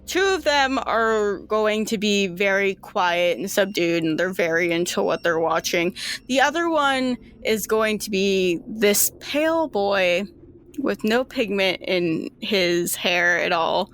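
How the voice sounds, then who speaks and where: Woman game master narrating a tabletop game; slow, rambling delivery. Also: medium pitch, a bit bright, smooth. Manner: rambling, filler-heavy.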